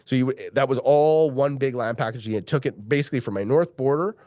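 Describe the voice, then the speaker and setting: A man's voice: medium pitch, fast talker, dry recording, studio quality. A middle-aged man, a mining geologist, telling a long story in an interview, swearing freely and acting out the voices of the people he quotes. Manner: profane, animated, acts out quoted voices.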